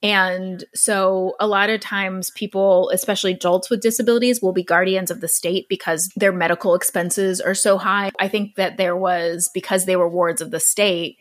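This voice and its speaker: A woman's voice: mid-range voice, fairly even intonation, moderate pace, few pauses. A woman hosting a podcast, telling a true story in a chatty, earnest way and laughing easily.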